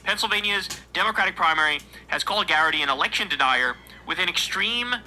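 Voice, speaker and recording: A man's voice: high voice, expressive, quick pace, bright, forceful tone, slight background noise, low-quality recording. A man reading news aloud and breaking into heated, profane, mocking commentary. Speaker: political commentary streamer.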